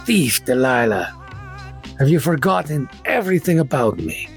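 A man voicing a stern, quick-tempered detective father scolding his daughter in a tabletop game. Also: mid-range voice, very animated, faint music behind. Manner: exasperated, scolding.

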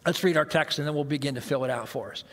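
A man's voice: fairly high pitch, fast, big-room sound. A male pastor preaching a sermon in a conversational way, asking the congregation rhetorical questions.

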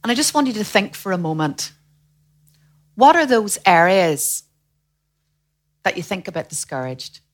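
A woman preaching a sermon in a lively way, acting out the voices of the people she quotes. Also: mid-range voice, measured pace, pauses often. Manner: animated, acts out quoted voices.

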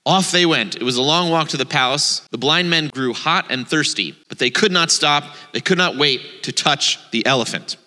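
A man giving a sermon as a rabbi, telling a children's story in an animated way before teaching. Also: on the high side, normal speed, hardly any pauses, long reverb tail. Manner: animated storyteller, shifts between playful and earnest.

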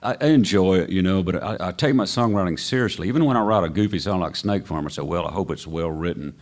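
A man's voice: deep voice, lively intonation, quick pace. An older man from Oklahoma with a drawl, talking casually as a musician guest, rambling and self-deprecating with frequent chuckles. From Oklahoma, USA. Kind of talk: casual interview chat.

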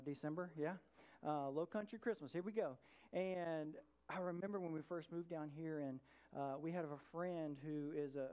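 This pastor from Atlanta, Georgia, speaks in a high-pitched, mellow voice. He tells a personal story during his sermon, keeping it casual and conversational and checking in with his listeners.

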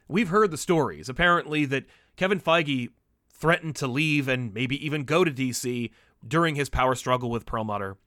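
A man's voice: on the high side, sharp tone, no room sound. Chatty male podcast host, dry sound. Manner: chatty, opinionated, easygoing. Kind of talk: casual commentary.

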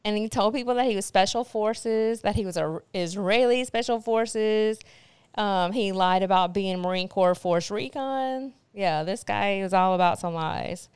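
A woman co-hosting a casual chat, rambling through stories with fillers and easy laughter. Her voice is very smooth and resonant, and the recording is dry and close. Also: medium pitch, measured pace, a little mellow, no echo. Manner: chatty storyteller, frequent fillers and laughter. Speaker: podcast co-host.

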